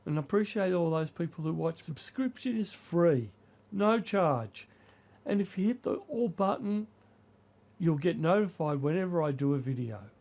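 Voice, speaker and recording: An older man, hoarse from the flu, chatting casually and rambling through his model railway vlog. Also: a little high, lively intonation, moderate pace, darkish tone. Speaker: model railway channel host.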